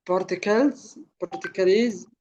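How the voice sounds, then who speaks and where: A man's voice: high-pitched, slow, a little mellow, dull audio. A male student answering his tutor hesitantly, often starting with uh.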